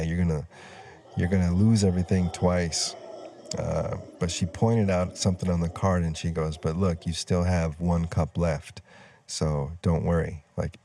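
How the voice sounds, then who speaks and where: With a low-pitched, mellow voice and a bit of hiss or hum behind it, a middle-aged storyteller vlogger tells a personal story outdoors by some trees. The telling is loose and rambling, full of fillers and side tracks, and he keeps losing his train of thought.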